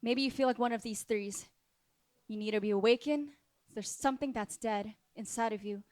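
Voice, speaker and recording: A woman's voice: a little high, normal speed, a little mellow, no room sound. A woman pastor preaching a sermon in a church, impassioned and repetitive, addressing the congregation directly.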